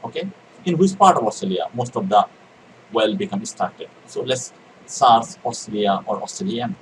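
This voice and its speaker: A man's voice: fairly low pitch, expressive, normal speed, distant mic, a little hiss or hum, rough recording. Man teaching exam reading tips. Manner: repeats key words, asks and answers his own questions. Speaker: IELTS teacher. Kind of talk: recorded exam-prep lecture.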